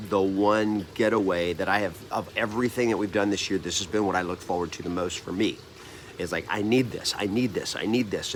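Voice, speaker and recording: A man's voice: low-pitched, a bit bright, slight background noise. A man in his fifties, a coach, telling a personal story to camera in an earnest, rambling way, restarting and correcting himself often. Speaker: real estate trainer and coach.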